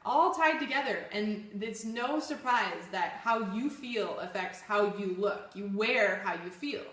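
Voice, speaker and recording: A woman's voice: medium pitch, lively intonation, a little slow, a bit bright, roomy sound. A woman co-hosting a live fitness show, chatting casually in an upbeat, encouraging way. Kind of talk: casual live-stream chat.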